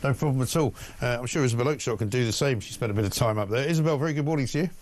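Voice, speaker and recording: A man's voice: medium pitch, rapid-fire, a little mellow, a little hiss or hum. A man hosting breakfast talk radio, blunt, sarcastic and indignant about the news. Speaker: radio talk show host.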